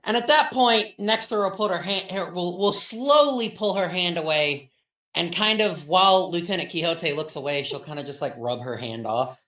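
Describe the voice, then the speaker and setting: A woman's voice: on the low side, moderate pace, fairly bright tone. Woman player narrating, distant and echoey. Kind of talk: casual tabletop narration.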